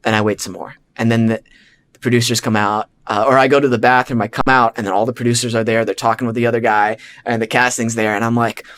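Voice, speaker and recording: A male podcast host telling a story in a casual, animated way, acting out his own thoughts and filling gaps with "like" and "you know". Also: mid-range voice, fast. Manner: frequent "like" and "you know" fillers.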